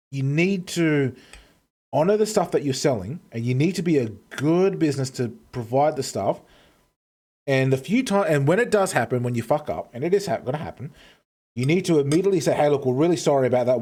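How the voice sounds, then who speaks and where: Streamer, male, slightly high voice, heated profane rant, chewing between lines. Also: lively intonation, moderate pace, a little mellow. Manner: ranting, heavy swearing; talks while eating. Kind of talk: casual stream chat.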